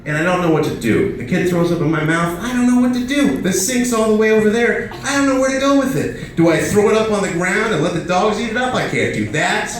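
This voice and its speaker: Thirtysomething guy doing standup, slightly high voice, rambly and self-mocking, sounds far from the mic in a super echoey room. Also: quick pace, few pauses, slight background noise. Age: 30s. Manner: rambling, self-deprecating, with many fillers. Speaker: stand-up comedian. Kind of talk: stand-up comedy set.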